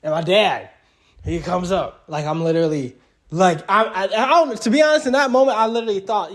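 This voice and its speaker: A man's voice: sits high, animated, brisk. A young man casually telling a personal story, rambling and full of fillers like "like" and "literally". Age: young adult.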